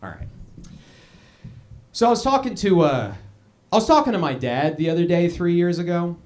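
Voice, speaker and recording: A young man hosting a live comedy show, telling a stand-up bit on stage with an animated delivery and quick put-on voices. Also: high voice. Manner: animated, puts on voices for quoted people.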